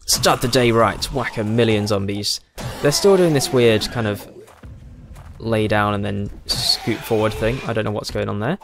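A man's voice: medium pitch, slight background noise. A young British man with a British accent giving casual, chatty, self-mocking commentary while playing a game. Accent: British English. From Britain. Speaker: gaming YouTuber.

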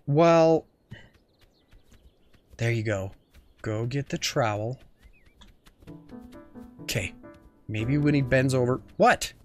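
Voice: mid-range voice, takes it slowly, pauses often, soft background music. A young adult gaming host giving giggly, playful let's play commentary and often talking as the goose.

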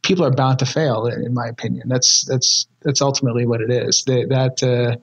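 Man, podcast host, earnest, halting repetitions, middle pitch. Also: steady tone, gravelly, husky. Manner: earnest, repeats words as he searches for them. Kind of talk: casual interview chat.

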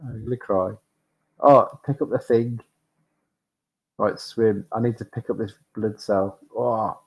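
Male streamer, low-pitched and unhurried, flustered and self-deprecating while playing a retro game. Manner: excitable, flustered, self-mocking, lots of exclamations. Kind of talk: live gameplay commentary.

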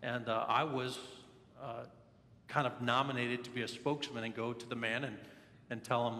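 A man's voice: mid-range voice, normal speed, pushed and bright. A man preaching a sermon, telling personal stories in an earnest, candid way. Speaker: pastor. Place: church sanctuary. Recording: echoey church hall.

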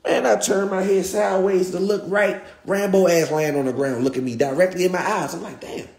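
A young man, a guest telling a story in animated, slangy style and repeating himself. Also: sits high, fairly quick, gravelly, reverberant. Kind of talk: street storytelling.

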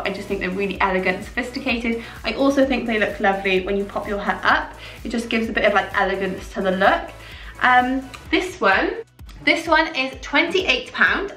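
A young woman chatting casually and excitedly through a clothing haul vlog, with plenty of fillers. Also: fairly high pitch, recorded from a distance. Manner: chatty, gushing, filler-heavy. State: out of breath. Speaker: fashion vlogger. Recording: echoey room, voice a little off-mic.

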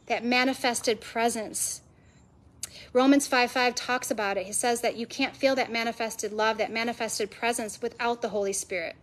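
A woman preaching a sermon to a live audience, passionate and emphatic, stacking repeated phrases. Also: on the high side. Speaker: women's ministry speaker. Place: event venue with a live audience.

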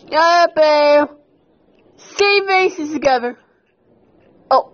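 Excitable woman, high lively voice, unhurried delivery, exclamations and swearing, dull lo-fi audio with faint music.

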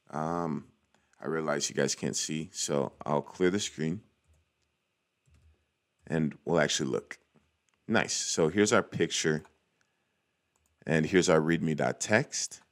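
Young guy with a really low voice talking thru a computer tutorial, chatty, keys clicking. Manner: chatty, cheers small wins, self-correcting. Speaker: cybersecurity tutorial host. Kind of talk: casual screen-recorded walkthrough.

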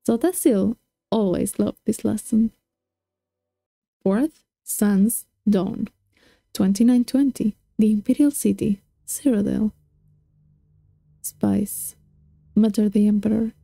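Female audiobook reader, measured storytelling; dry, close sound with faint music behind. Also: mid-range voice, vocal fry, warm tone, dry recording. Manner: measured storytelling with occasional restarts. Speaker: book reader. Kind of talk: audiobook narration.

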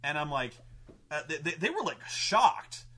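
A man hosting a show, animated and profane, telling a story about running a tabletop game and laughing often. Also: on the high side, measured pace, husky. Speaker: show host recounting his game mastering. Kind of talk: casual storytelling.

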